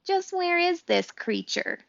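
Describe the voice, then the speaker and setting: Woman playing a suspicious fox, gruff, growling, dull dry recording. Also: extremely high pitch, sing-song, slow, a bit bright, no room sound, pitched above the performer's own voice, heavily acted.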